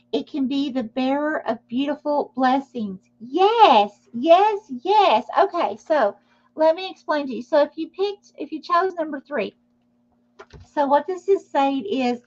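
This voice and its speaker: A woman's voice: high voice, dull audio. A woman giving a live tarot reading, speaking reassuringly and often checking in with "okay?". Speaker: tarot reader.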